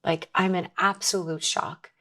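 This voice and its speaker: A woman's voice: on the low side, fairly even intonation, unhurried, sharp tone. A woman guest in a conversation, telling her personal story in an earnest, emotional way, often restarting her sentences. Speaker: podcast guest.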